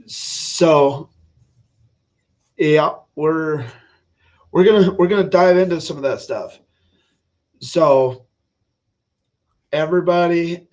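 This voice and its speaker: A man hosting a casual political livestream, talking bluntly and opinionated, rambling with frequent restarts. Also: on the high side. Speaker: livestream host.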